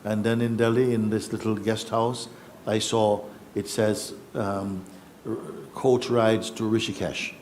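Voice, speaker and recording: A middle-aged man, a spiritual teacher, relaxed and chuckling as he tells his story to a gathering and acts out the voices in it. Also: fairly low pitch, a little slow, a little hiss or hum. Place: yoga festival gathering.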